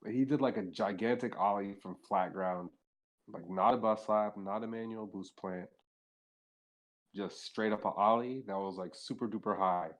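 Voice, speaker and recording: A man's voice: lowish voice, normal speed. A young man as a podcast guest, telling casual, rambling stories, swearing freely and saying "like" all the time. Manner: rambling, profane, heavy use of filler "like". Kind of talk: casual storytelling chat.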